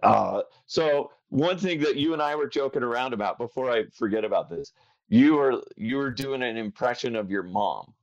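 A man hosting a podcast, chatting and joking quickly with a guest. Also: mid-range voice, no room sound, muffled recording. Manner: jokey, quick, animated. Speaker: podcast host. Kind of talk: casual interview chat.

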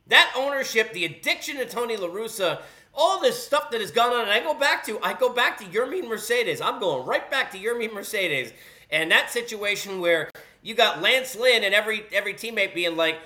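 A man's voice: extremely high pitch, expressive, brisk, pushed and bright. A man hosting a sports talk show, ranting in a heated, sarcastic way full of rhetorical questions. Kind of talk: animated sports commentary rant.

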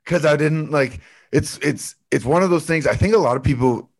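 A man with a raspy voice, co-hosting a podcast in a loose, joking, rambling chat. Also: a little high, moderate pace. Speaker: podcast co-host. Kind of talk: casual chat.

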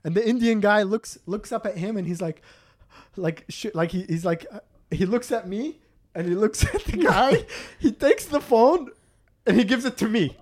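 Animated Palestinian guy telling a story. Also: high-pitched, normal speed, no echo, studio quality. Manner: animated, acts out voices, swears, laughs often. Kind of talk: casual storytelling chat.

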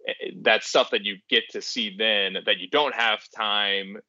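Male podcast co-host, bright forceful voice, dull dry recording, rambling casual delivery. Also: on the low side, steady tone, a little slow, no room sound. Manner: rambling, many fillers and restarts. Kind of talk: casual chat.

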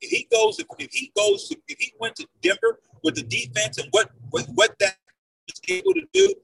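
Heated sports-talk man: high, lively pitch, gravelly edge, slightly distant mic. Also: a little fast, dry recording. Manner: loud, emphatic, repeats "I'm telling you right now".

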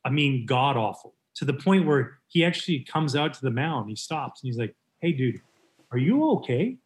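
A man in his forties from Canada, a former pitcher telling a story in casual conversation with an animated, lively delivery. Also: moderate pace. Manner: animated, lively retelling with voiced quotes.

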